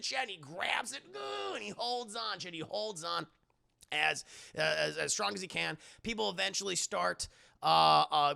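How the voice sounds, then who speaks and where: A young man walks his stream through a film scene by scene, animated and swearing freely. His voice sits fairly high with a heavy gravelly fry and a bright, sharp edge, and he keeps slipping into squeaky voices for the characters. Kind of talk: casual recap with put-on character voices.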